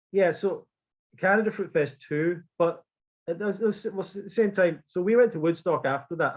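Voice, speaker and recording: A man's voice: mid-range voice, dull audio. A man telling a story in casual chat, acting out quotes and swearing freely. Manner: animated, swearing, acts out quotes. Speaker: podcast guest.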